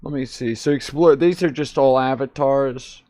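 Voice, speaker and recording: A man's voice: mid-range voice, normal speed, warm tone, dry recording. A male streamer giving sarcastic, mock-serious commentary while playing a VR game. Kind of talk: gaming commentary. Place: online VR game.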